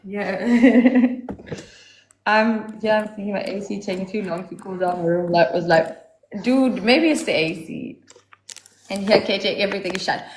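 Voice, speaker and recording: A woman hosting a show, telling stories in a casual, animated way with a lot of swearing and quick asides. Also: medium pitch, a little hiss or hum. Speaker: host. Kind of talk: casual chat, storytelling. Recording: echoey room.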